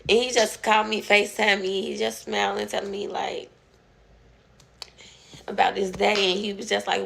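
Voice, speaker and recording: A young woman telling a personal story to her followers in a casual, emotional way, halting often and full of fillers and restarts. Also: medium pitch, flat delivery, vocal fry, a bit bright, a little hiss or hum. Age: young adult. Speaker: TikTok storyteller.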